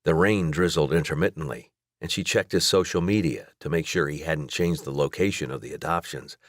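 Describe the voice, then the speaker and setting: A man reading a romance novel aloud as audiobook narrator in a steady, measured way. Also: extremely low pitch, dry recording, studio quality. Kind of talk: scripted narration.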